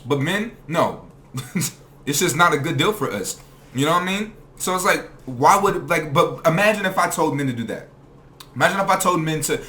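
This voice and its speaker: A man's voice: fairly high pitch, lively intonation, normal speed, pushed and bright. A man hosting a reaction commentary channel, ranting heatedly and swearing freely.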